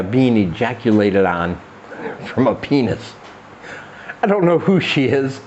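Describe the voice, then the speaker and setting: This man hosts a comedy podcast and wanders through a crude monologue, putting on a higher pitch for the voices he quotes. His tone is a bit mellow, and the dull recording carries a slight hiss or hum.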